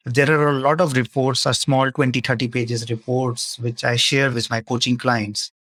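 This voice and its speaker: A man's voice: medium pitch, little pitch movement, normal speed, fairly bright tone, dry recording, studio quality. A man speaking as a leadership coach, answering audience questions in a webinar and explaining his points through example dialogues.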